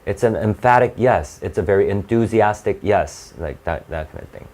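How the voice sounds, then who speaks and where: A low-voiced young man runs a test-prep class. He talks in a halting, chatty way and keeps restarting his sentences as he works through each question. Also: expressive, darkish tone. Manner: halting and conversational, with many restarts and fillers. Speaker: SAT tutor. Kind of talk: live classroom lesson.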